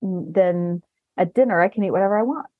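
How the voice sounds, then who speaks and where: A woman's voice: on the low side, brisk, no echo. Chatty woman host, dull dry sound. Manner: rambling anecdotal storytelling, laughs often. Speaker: podcast host. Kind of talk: casual chat.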